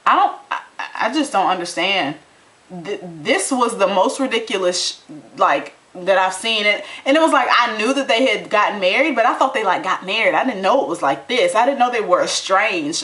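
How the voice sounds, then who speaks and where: A young adult woman in a casual, fired-up chat recapping a reality show, talking with animated indignation and folksy turns of phrase. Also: medium pitch, normal speed. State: out of breath. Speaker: TV recap vlogger.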